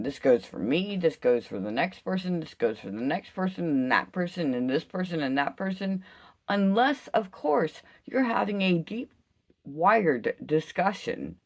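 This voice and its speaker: A woman giving an impassioned solo vlog rant, emphatic and profane, swinging from loud outbursts to low, slow musing. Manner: intense, emphatic, heavy swearing. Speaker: vlogger.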